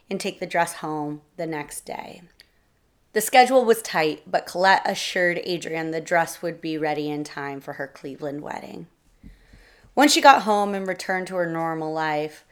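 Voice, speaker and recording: A woman narrating a short story in a steady reading voice. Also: on the low side. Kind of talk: storytelling read-aloud.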